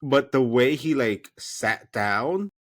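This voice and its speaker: A man co-hosting a podcast, reacting expressively and chattily to a reality TV episode. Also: medium pitch. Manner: expressive, chatty, quick asides. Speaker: podcast co-host. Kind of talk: casual TV recap chat.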